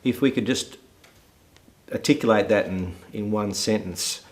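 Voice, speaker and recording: A man asking an interview question in a measured, hesitant way. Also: on the low side.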